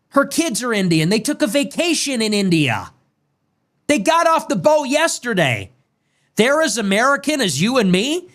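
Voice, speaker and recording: A man's voice: sits high, a bit bright. A man giving ranting political commentary in a sarcastic, mocking, emphatic way. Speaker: political streamer.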